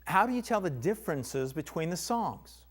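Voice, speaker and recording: Man, Bible teacher, emphatic lesson delivery, slightly higher voice. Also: big pitch swings, moderate pace, slightly rough. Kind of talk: recorded lesson.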